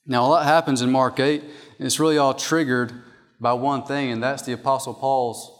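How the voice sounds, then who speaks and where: A man's voice: medium pitch, fairly even intonation, moderate pace. A man preaching a sermon from an outline, emphatic and repeating his key points. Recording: long hall reverb.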